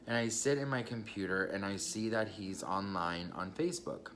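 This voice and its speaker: Young man dishing gossip in a lowish voice. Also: normal speed, a bit bright, slight background noise. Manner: chatty, gossipy, swears casually and addresses the viewers directly. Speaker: vlogger. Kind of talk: casual storytime vlog.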